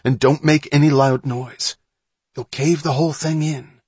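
A man's voice: mid-range voice, a little slow, a bit bright, husky, dry recording. A man reading an audiobook, voicing an eager, bossy young boy who gives orders and scoffs at his brother's fears. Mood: hushed bossy. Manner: eager, commanding, scornful.

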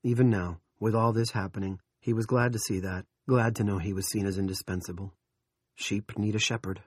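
A low, husky male voice narrating an audiobook at a measured, steady pace. The sound is close and dry, with no room around it. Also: dry recording. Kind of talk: scripted narration.

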